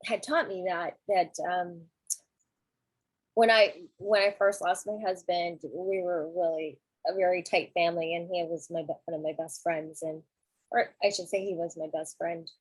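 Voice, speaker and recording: A middle-aged woman talking gently and reflectively about grief in a candid podcast conversation, with a husky voice. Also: on the low side, fairly even intonation, normal speed, no room sound, poor audio. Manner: gentle, reflective, soft-spoken.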